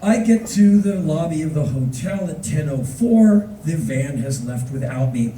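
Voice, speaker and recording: An American man in his fifties telling a story on stage with an animated, wry, punchy delivery. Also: a little high, a little slow, slight background noise. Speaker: spoken word performer. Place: concert venue on stage. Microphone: recorded from the audience. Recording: echoey distant audience recording.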